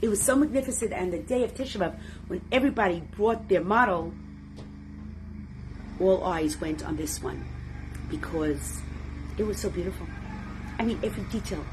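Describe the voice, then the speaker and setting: A woman's voice: medium pitch, moderate pace, long pauses, a little hiss or hum. A woman teaching a Torah class, telling a story dramatically and expressively. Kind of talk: storytelling lesson.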